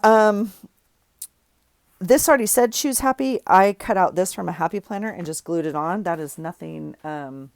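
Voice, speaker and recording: A woman talks casually to her viewers while she works in a journal. Her voice sits low with a gravelly fry, and she tells stories in a rambling way with lots of fillers and restarts. The sound is close and dry. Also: moderate pace, a little mellow, no room sound. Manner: chatty storytelling, many fillers and self-corrections; laughs at herself often. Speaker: vlogger journaling.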